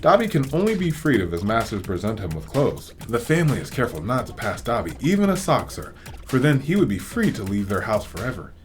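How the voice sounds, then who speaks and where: A man's voice: mid-range voice, big pitch swings, fairly quick, soft background music, lightly acted. A man voicing a pitiful small male house elf who pleads and talks about himself in the third person. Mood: pleading.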